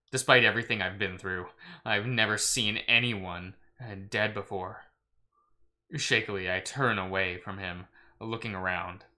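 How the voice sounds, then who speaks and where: A man reading a story game aloud in first person, halting with frequent fillers and self-corrections. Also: on the low side, bright, forceful tone. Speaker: gaming YouTuber.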